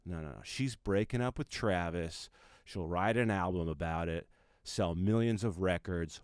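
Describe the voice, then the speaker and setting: A man hosting a comedy podcast, giving a mock-serious monologue with dramatic pauses and muttered asides. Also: sits low, clear, resonant tone, dry recording, studio quality. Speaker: comedian host.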